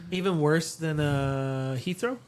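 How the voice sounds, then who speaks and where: A man's voice: on the high side, slow pace. A man co-hosting a casual podcast, asking playful questions. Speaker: podcast co-host. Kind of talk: casual chat.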